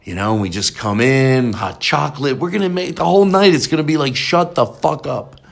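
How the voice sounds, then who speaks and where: A man hosting a podcast in excited casual chat, rambling and jumping up in pitch. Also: brisk, creaky. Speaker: podcast host.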